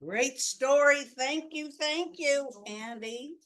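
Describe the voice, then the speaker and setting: A woman's voice: sits high, takes it slowly, fairly bright tone. A woman hosting a storytelling event, introducing the next presenter in a cheerful way. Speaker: event host.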